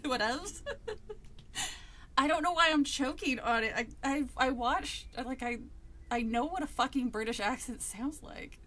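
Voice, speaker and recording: A woman's voice: sits high, normal speed, sharp tone. A woman streamer reading a horror book aloud, chatting casually, swearing and mocking herself. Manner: laughing, swearing, self-mocking.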